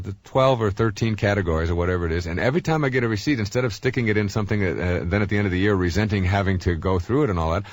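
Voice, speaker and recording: A middle-aged man giving a recorded self-help talk, telling stories in an animated way with many fillers and restarts. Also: low voice, dry recording.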